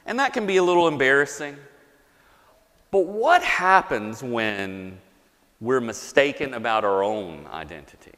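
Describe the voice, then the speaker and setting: A male pastor preaching a sermon in a measured, deliberate way, reading scripture and telling a story. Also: mid-range voice, fairly bright tone. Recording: long reverb of a large hall.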